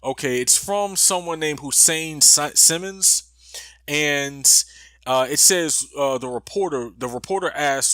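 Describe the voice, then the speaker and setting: Male commentator, bright and higher-pitched, sarcastic conversational delivery. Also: animated, unhurried, no echo. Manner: conversational, sarcastic, with frequent restarts and fillers. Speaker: commentary video host. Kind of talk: casual political commentary.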